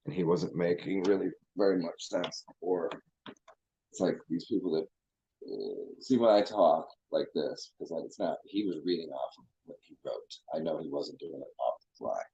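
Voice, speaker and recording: Deep dark-voiced guy cussing and rambling, restarts a lot, muffled lo-fi sound. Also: moderate pace, breathy edge. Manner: rambling and profane, with many restarts. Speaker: channel host. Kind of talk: casual livestream rant.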